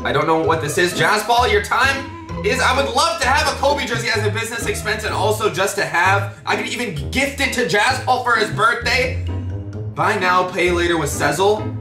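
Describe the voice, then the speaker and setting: A young man giving live, excitable reaction commentary as a vlogger, panicking and laughing at what he watches. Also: sits high, moderate pace, reverberant, music in the background. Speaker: YouTuber.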